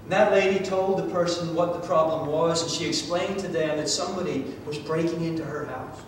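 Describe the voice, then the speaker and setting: High-voiced guy from georgia preaching, big swings loud to soft, recorded far off in a boomy church hall. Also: fairly quick. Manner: dramatic storytelling, swings from loud to hushed. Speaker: pastor. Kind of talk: sermon. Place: church sanctuary. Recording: echoey church hall from far off, faint rumble.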